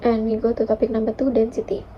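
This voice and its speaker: A young woman, a university student, reading a class presentation with careful, steady delivery and occasional fillers. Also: fairly high pitch, fast talker, a little hiss or hum. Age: young adult. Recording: dull lo-fi recording.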